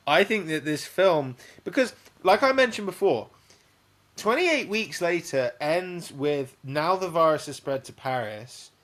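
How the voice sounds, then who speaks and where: A man hosting a podcast, talking about films in a chatty, loose and excitable way. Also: medium pitch. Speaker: podcast host. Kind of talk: casual film discussion.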